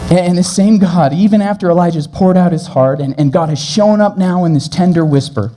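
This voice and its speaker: A man preaching a sermon as pastor, earnest, moving between brisk stretches and slow, gentle passages. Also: sits high, slight background noise. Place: church.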